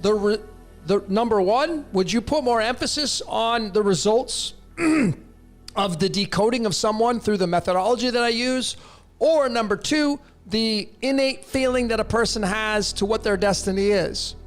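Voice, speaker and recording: A man hosting a live stream answers viewer questions bluntly and emphatically, often repeating his phrases. His voice sits high and his pace is measured, with faint music in the background.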